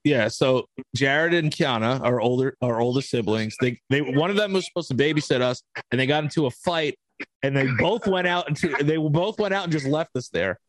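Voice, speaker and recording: A man's voice: mid-range voice, a little fast, no echo. Young man telling a rambling story. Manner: rambling, animated storyteller acting out quotes. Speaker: podcast co-host. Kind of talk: casual chat, storytelling.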